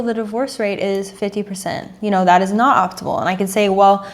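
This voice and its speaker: A woman in her thirties, a dating coach, talking earnestly and emotionally to camera, repeating herself and sighing. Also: mid-range voice.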